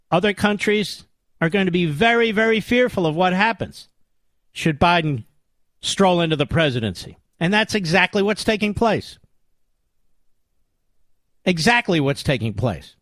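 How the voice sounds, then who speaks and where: A man's voice: sits high, lively intonation, a little slow, pauses often, a bit bright, no room sound. A man hosting a political talk radio show, delivering a combative, indignant monologue with emphatic repetition.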